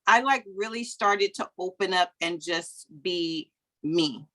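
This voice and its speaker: A middle-aged woman coaching over a video call, talking in a chatty, lively way. She slips into quoted voices as she tells anecdotes and laughs easily. Her voice sits at an ordinary pitch for a woman. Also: slow pace. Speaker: business coach. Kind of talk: motivational coaching talk.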